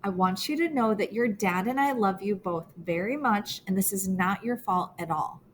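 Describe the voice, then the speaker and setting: A woman reading a gentle worried mother. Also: medium pitch, moderate pace, a little hiss or hum, close to an everyday voice. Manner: gentle, careful, reassuring. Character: worried mother calming her daughters.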